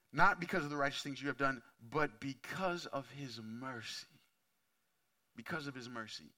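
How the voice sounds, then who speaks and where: Bright-voiced man preaching conversationally. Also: medium pitch. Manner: candid, conversational preaching with many asides; swings from quiet to loud and intense. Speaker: pastor. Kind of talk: sermon.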